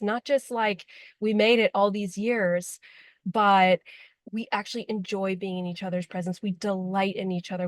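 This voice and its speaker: A woman's voice: medium pitch, no echo. Woman coach, heartfelt and emotional direct address, dry recording. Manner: emotional, heartfelt, with frequent fillers. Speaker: relationship coach. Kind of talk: earnest direct-to-camera talk.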